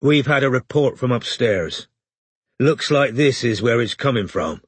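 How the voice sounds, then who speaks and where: A man's voice: mid-range voice, animated, a little slow, husky, no echo. A man voicing a determined male detective who mutters under his breath or speaks sternly. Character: gruff male private detective, tense and determined.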